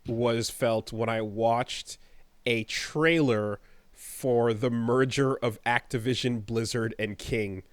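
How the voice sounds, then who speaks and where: Thirties male podcast co-host, middle pitch, dry close sound, rambling delivery full of fillers. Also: steady tone, slow, no room sound. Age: 30s. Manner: rambling, trailing off with many fillers. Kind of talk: casual chat and host-read ad.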